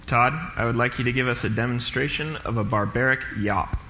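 A man reading the part of a stern schoolteacher who pushes his pupil with urgent, commanding lines. The voice sounds bright and a little forceful. It rings through an echoey hall over a faint hiss. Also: medium pitch, fairly quick, lightly acted. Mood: coaxing. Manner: urging, commanding. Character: stern inspiring male schoolteacher. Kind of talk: staged script reading.

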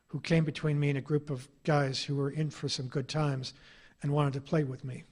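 A man's voice: a little high, little pitch movement, normal speed, a little mellow. A middle-aged man, an author giving an anecdotal public lecture, telling his stories with a wry, ironic edge.

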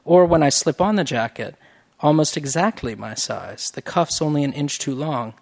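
A man narrating a first-person novel in a measured, wry, reflective reading. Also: a little high, animated, gravelly. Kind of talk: audiobook narration.

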